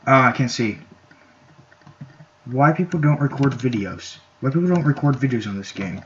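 A man giving excitable, rambling commentary while playing a video game, shouting at the game now and then. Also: medium pitch, normal speed, a little hiss or hum. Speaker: gameplay YouTuber. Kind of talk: casual gameplay commentary. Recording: lo-fi mic with keyboard clicks.

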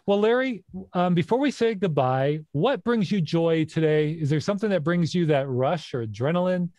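A man's voice: on the high side, expressive, moderate pace, a little mellow, dry recording, clean studio sound. A middle-aged man hosting an interview in a casual, reflective way, laughing often. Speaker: podcast host.

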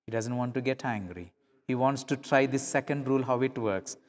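A man's voice: mid-range voice, fairly quick, long reverb tail. A middle-aged male pastor preaching a sermon, telling stories and acting out the dialogue in changing voices. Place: church.

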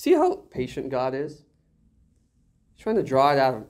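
A male pastor preaching an animated sermon, full of jokes and rhetorical questions. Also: medium pitch, normal speed.

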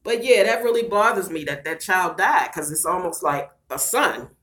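A low-pitched woman with a bright, forceful edge, talking straight to her viewers on a live-stream vlog. She is tearful and her voice breaks at times, yet she stays blunt and swears without holding back. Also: animated, moderate pace. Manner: blunt, cusses freely, calls viewers "y'all" and "girl". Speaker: vlogger reading live chat. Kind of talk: emotional casual live-stream chat.

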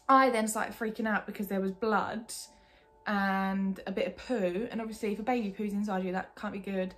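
A woman's voice: mid-range voice, fairly quick. A young woman from England telling a personal story in a casual, candid way, full of "like". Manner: chatty, lots of "like", candid and animated. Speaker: vlogger.

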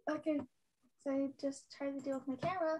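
A woman's voice: sits high, fairly even intonation, quick pace, darkish tone. A woman playing in a tabletop game, casual, playful and giggly, teasing the others as she takes her turn. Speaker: player.

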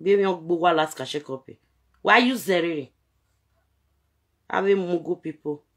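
A woman's voice: lowish voice, moderate pace, a bit bright. A Nigerian woman vlogging straight to camera in a repetitive, scolding rant, switching between Pidgin and local-language phrases.

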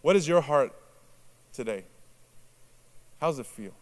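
A man's voice: animated, takes it slowly. Conversational male preacher. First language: Spanish. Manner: conversational, asks the congregation questions, many asides with "right?"; acts out quoted reactions in a lowered voice. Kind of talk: sermon.

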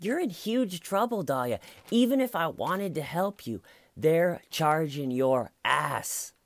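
A man doing a loud exasperated husband. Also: on the high side, lively intonation, takes it slowly, pitched above the performer's own voice. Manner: emphatic, incredulous.

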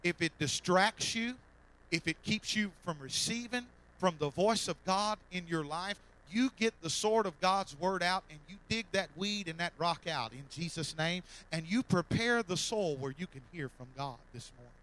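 A man preaches from a church platform, his voice bright and forceful and pitched a bit high. He builds to fervent loud calls, then drops soft and repeats his lines. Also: animated, normal speed, low-quality recording. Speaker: pastor. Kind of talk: sermon. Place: church sanctuary.

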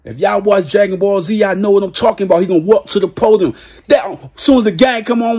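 Husky man doing an animated hoops rant. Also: quick pace. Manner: animated, shifts between low drawl and loud shouts. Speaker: sports vlogger. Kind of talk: excited casual basketball rant.

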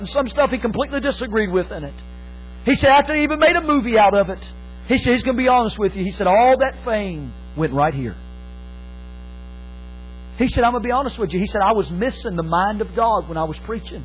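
A male pastor preaching a sermon, with impassioned swings and sudden loud exclamations. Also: high voice, lively intonation, fairly quick, faint music behind. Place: church. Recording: tinny phone-like sound with faint mains hum.

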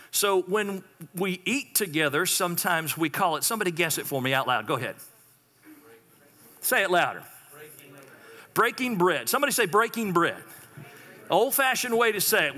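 Pastor, male, bright lively-pitched delivery, call-and-response sermon in a church. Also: in a large hall. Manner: call-and-response preaching, repeated prompts to the congregation. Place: church sanctuary.

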